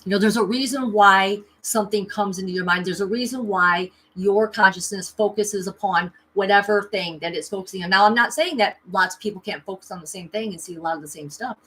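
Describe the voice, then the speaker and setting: A woman's voice: medium pitch, fairly quick, few pauses, a bit bright. A woman hosting a spiritual livestream, telling a personal story in a chatty, profane way, checking in with "okay" and "right" as she talks into a camera at home. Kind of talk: casual storytelling monologue.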